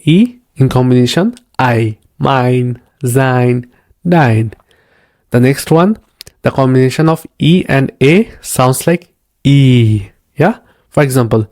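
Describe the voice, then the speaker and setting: A man's voice: medium pitch, a little mellow, dry recording, clean studio sound. A man teaching beginner German from slides, patiently repeating each word and checking in with "yeah?" and "okay?". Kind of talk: slide-based language lesson.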